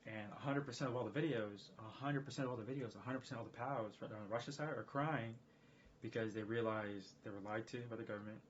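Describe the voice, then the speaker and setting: A man's voice: mid-range voice, fast talker. A man talking in a casual live-stream monologue, rambling and emphatic, often repeating himself. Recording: dull lo-fi stream audio with faint background noise.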